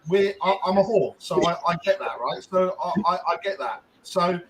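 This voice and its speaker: A man's voice: high voice, normal speed, a bit bright, a little hiss or hum, poor audio. A man co-hosting a podcast, telling a long casual story with lots of ums and restarts. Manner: rambling, frequent ums and restarts. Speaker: podcast co-host.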